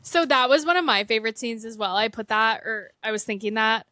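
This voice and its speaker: A young woman cohosting a podcast who talks casually, searching for words with many fillers and trailing off. Her voice is bright and a little high, with a dry, close sound. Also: brisk, no room sound. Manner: hesitant, lots of "like" and trailing off. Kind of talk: casual chat.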